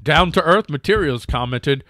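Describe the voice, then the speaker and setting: Male news host, rambling jokey commentary, animated pitch, bright dry voice. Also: moderate pace, no room sound. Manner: rambling and jokey, with frequent restarts.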